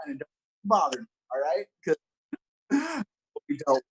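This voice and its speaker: A young man from Los Angeles doing a stand-up comedy set, upbeat and self-mocking, with deadpan punchlines. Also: a little high, normal speed, pauses often, slightly rough, poor audio. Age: young adult.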